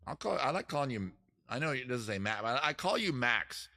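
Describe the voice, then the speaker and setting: A man's voice: medium pitch, very animated, a little fast, pushed and bright. A man hosting a casual live-stream trivia quiz, joking around and teasing the players. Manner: joking, teasing, crude asides. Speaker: host running a trivia quiz.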